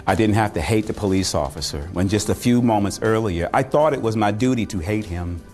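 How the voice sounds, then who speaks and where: A male motivational speaker telling a personal story in a dramatic speech, deliberate with rhythmic repetition. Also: fairly low pitch, animated, darkish tone, faint music behind.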